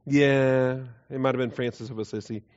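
A man teaching a Bible doctrine class in a conversational way, with frequent fillers, quiet chuckles and questions to the room. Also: medium pitch, steady tone, moderate pace. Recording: dull lo-fi class recording.

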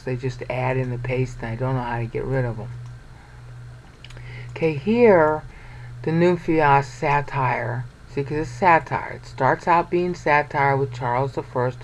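A man's voice: medium pitch, slight background noise, rough recording. A man teaching a Bible study over a shared screen, blunt and sarcastic, pointing things out and checking in with "okay".

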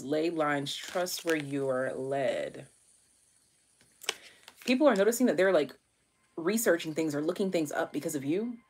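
A woman with a low voice reads tarot on a live stream in a loose, chatty way. She fills her talk with fillers and drops casual curses as she goes. A faint hiss of noise sits under the recording. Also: darkish tone. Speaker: tarot reader.

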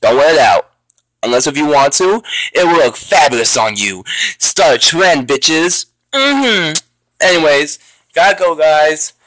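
A young man rants over a game he keeps losing, cursing and yelling in frustration. His voice is bright and sits a little high, and it swings widely in pitch. He talks at an unhurried pace in a dry, close sound. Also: very animated, dry recording. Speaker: gaming YouTuber. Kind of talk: raging gameplay commentary.

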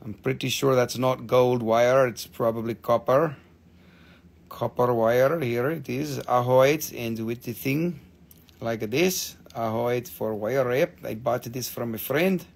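A man's voice: mid-range voice, slow pace, creaky. A man hosting a live crystal sale in a casual, chatty way, swearing freely and reading out viewer comments. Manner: stops to count and name items as he shows them. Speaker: live-stream crystal seller. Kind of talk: casual live sales chat.

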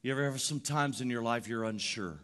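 A pastor preaches using rhythmic, repeated phrases, building from quiet reflection up to loud, emphatic delivery. His voice is medium-pitched and a little fast.

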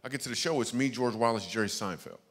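A man doing stand-up storytelling as a guest comedian, lively, acting out the voices of people in his stories. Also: medium pitch, quick pace. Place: church stage before a live audience. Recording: echoey church hall.

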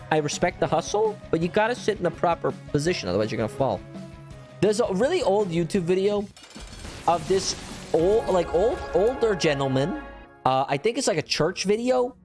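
An excitable man calling out his gameplay live, his voice leaping from shrieking highs to low grumbles with extreme swings in pitch. He teases himself in playful chatter, and faint game music plays underneath. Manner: hyper and excitable, jumping from squeals to low mutters; playful self-teasing chatter. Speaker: gaming channel host. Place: at home with a cat on his lap.

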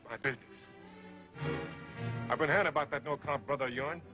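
An actor playing a swaggering cowboy bandit with a Southern American drawl. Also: male voice, fairly high pitch, fairly quick, close to an everyday voice. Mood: gruff. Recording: dull old film soundtrack with music.

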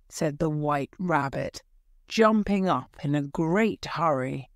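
A woman teacher reading a graded story aloud for English learners, clear and careful. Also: low voice, animated, takes it slowly, no room sound, studio quality. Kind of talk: slow scripted story narration for learners.

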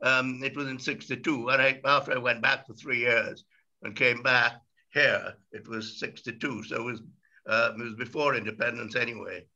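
Guest speaker, man in his 80s, wry storyteller, bright tone, dull call audio. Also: medium pitch, moderate pace. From Guyana. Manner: relaxed, wry, hesitant fillers. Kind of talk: casual anecdotal storytelling.

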